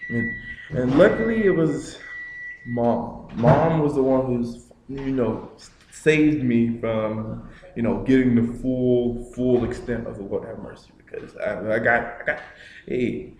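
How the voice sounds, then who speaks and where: Slow, rambling young man in an echoey room. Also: mid-range voice, darkish tone, a little hiss or hum. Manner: rambling, full of "you know" fillers. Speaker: storyteller. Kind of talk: casual personal storytelling. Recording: echoey room with faint ambience.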